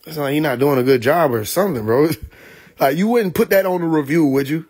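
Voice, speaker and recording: A man spins loose, profane street stories live on his phone, breaking into laughter often. His voice sits a little high for a man. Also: fairly quick, a little mellow, breathy edge. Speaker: livestream host. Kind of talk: casual storytelling on a live stream.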